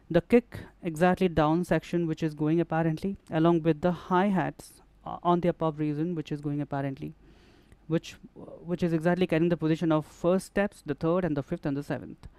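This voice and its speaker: A man's voice: fairly high pitch, fairly even intonation, a little fast, darkish tone, clean tone, no room sound. A man demonstrating music production gear in a tutorial, explaining step by step and often repeating phrases as he works. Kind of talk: hands-on software tutorial.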